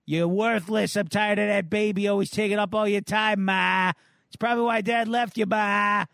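A man voicing a bratty teenage skater boy who whines and yells demands at his mother while reading a comic aloud. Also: high-pitched, fairly even intonation, moderate pace, gravelly, no room sound, clean studio sound, pitched above the performer's own voice. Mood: scornful. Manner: whiny, yelling demands. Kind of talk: comic book read-aloud.

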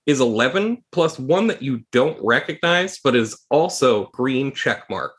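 A man running a tabletop game as game master, narrating scenes in a steady, descriptive way. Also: medium pitch, a little slow.

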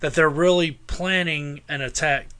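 A man's voice: fairly high pitch, steady tone, normal speed, a bit bright, clean tone. A man talking bluntly and profanely in a casual podcast chat, laying out a theory. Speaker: podcast co-host.

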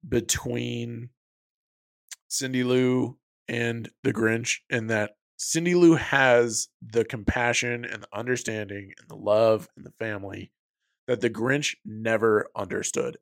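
A young man co-hosting a podcast in casual chat, laid-back and swearing, slowing down to make his points. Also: mid-range voice, creaky, no echo, studio quality. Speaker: podcast co-host.

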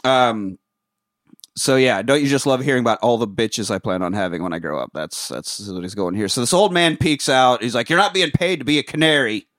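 A man casually recapping an old movie, swearing, laughing often and acting out the characters in quick voices. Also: lowish voice, lively intonation, a bit bright, no room sound, studio quality. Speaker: podcast host.

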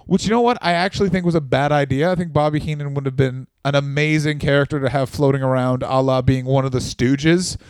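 A man's voice: mid-range voice, fairly even intonation, fast talker, hardly any pauses, smooth, dry recording. A man co-hosting a comedy podcast, telling stories in a wry way with joking asides. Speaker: podcast co-host. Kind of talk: casual comedy podcast storytelling.

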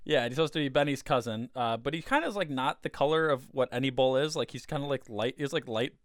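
A man's voice: medium pitch, no echo. A man hosting a casual podcast chat, rambling and easygoing, with a co-host calling in by phone. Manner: rambling, easygoing, quick to laugh. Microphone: computer mic, with a co-host on a phone call.

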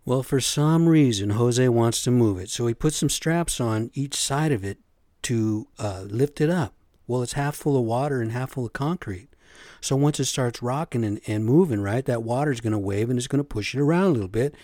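A middle-aged man rambles through a casual podcast rant, swearing freely and checking in with "right?" as he goes. His voice is warm and mellow, with a dry, close sound and no room echo. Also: mid-range voice, moderate pace. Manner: profane, storytelling, frequent "right?" and "man". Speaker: podcast host. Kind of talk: casual ranting monologue.

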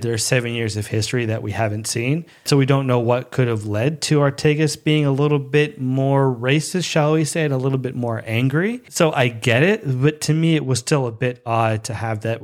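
A young man hosting a show, casually reviewing an episode with bursts of excited, high-pitched enthusiasm. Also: moderate pace, hardly any pauses. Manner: excitable, breaks into high-pitched squeals of delight.

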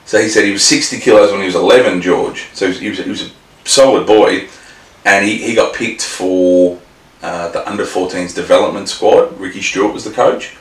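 An Australian man co-hosts a casual podcast chat, rambling and swearing with many restarts. His voice is low-pitched and brisk, picked up by a distant mic in a roomy space with faint noise.

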